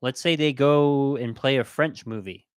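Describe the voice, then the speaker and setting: A man co-hosting a podcast, giving his opinion in a casual, emphatic way, his voice jumping higher when he gets worked up, with many restarts and rhetorical questions. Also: unhurried, clear, resonant tone, no echo, studio quality. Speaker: podcast co-host.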